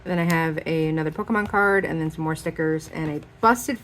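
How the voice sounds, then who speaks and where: Chatty woman with a lowish voice. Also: fairly quick, few pauses. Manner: chatty, rambling, with many fillers. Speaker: planner vlogger. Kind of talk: casual show-and-tell chat.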